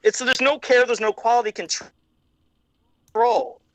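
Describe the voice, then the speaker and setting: A man's voice: very high-pitched, flat delivery, a little slow, no room sound. Male podcast co-host, heated profane rant, dry close sound. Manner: angry, profane ranting. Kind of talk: ranting casual chat. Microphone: video call.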